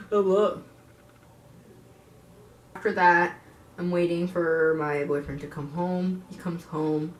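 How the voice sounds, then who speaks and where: A woman's voice: on the low side, flat delivery, unhurried, pauses often, slight background noise. A woman in her twenties telling a personal story to her viewers, blunt and frank, swearing freely and turning to the audience with asides. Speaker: vlogger. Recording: echoey room.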